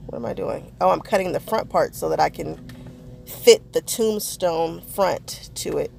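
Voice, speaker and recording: A woman's voice: on the low side, a little slow, creaky, darkish tone, soft background music. A woman chatting casually to her viewers as she narrates a craft project, poking fun at her own mistakes. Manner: chatty, self-deprecating, talks to viewers. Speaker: crafting vlogger.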